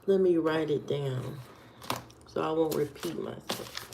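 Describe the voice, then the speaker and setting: Woman livestream host, casual and unhurried, low-pitched, answering chat in a hushed voice. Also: vocal fry, a little hiss or hum, low-quality recording. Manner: reads and answers chat comments aloud, lowered voice.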